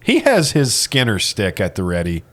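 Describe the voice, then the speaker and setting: A man's voice: lowish voice, huge pitch swings, moderate pace, a bit bright. A man playing in a tabletop game, easygoing as he describes what his character does. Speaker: player. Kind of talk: casual tabletop game talk.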